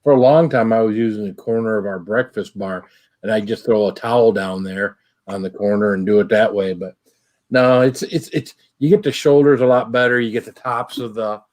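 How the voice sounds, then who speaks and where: A man's voice: lowish voice, fairly even intonation, brisk, a little mellow. A man chatting casually with the host, in an easygoing way. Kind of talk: casual chat.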